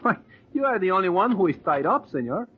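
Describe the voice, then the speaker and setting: An actor playing a mercenary Latin American smuggler with a lilting, amused delivery, in 1940s radio acting. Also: male voice, high voice, big pitch swings, quick pace. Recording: dull noisy old radio recording.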